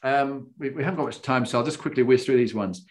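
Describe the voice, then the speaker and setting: A man hosting an interview, a former army officer, telling a lively anecdote, acting out the voices in it and laughing as he goes. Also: medium pitch, quick pace. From Britain. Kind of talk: conversational interview, animated storytelling.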